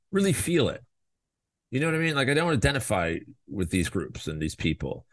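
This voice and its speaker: A fired-up male podcast host with a lowish voice, talking straight into a close mic. He is blunt and profane and jumps into loud mocking voices. The sound is dry and close. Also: no echo. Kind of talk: fired-up opinion monologue.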